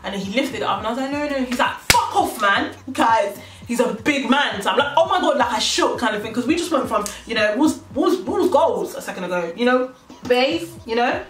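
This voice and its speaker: Young woman, animated storyteller, slangy, voices both sides, somewhat high voice, echoey room, mic some way off. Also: fast. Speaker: vlogger. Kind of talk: casual storytime. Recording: echoey room, mic at a distance, faint music.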